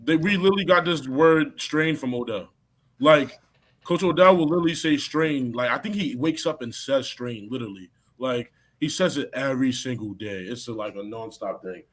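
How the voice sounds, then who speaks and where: A young man chatting on a live stream while he plays a video game. He is excitable and talkative, reacting to the game under his breath between stories. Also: mid-range voice, moderate pace. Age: young adult. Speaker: guest college football player. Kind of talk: casual live-stream chat while gaming.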